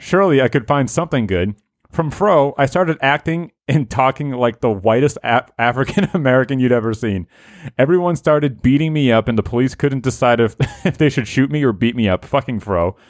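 A man's voice: medium pitch, no echo, studio quality. A man hosting a comedy podcast, reading listener-written scripts aloud and laughing often. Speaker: podcast host.

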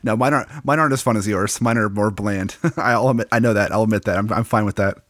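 A man's voice: fairly low pitch, fast talker, fairly bright tone, no room sound. A man co-hosting a podcast in casual chat, laid-back and self-deprecating, laughing often. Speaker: podcast co-host.

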